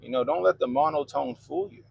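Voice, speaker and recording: A livestream host from Baltimore, Maryland, with a Baltimore accent chats loosely and profanely while reading comments, in laid-back banter. His high voice has huge pitch swings and is brisk, creaky, a little mellow and husky, with lo-fi sound.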